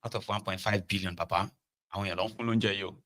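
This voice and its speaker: A man's voice: fairly low pitch, fairly even intonation, rapid-fire, fairly bright tone, rough recording. A middle-aged Nigerian man hosting a political commentary show from his own studio, lecturing his listeners in a defiant, impassioned monologue.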